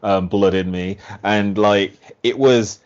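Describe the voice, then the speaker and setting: A man's voice: lowish voice, slow. A man, a podcast guest chatting casually and acting out quotes. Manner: animated, acts out quotes with "like". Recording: muffled lo-fi podcast audio.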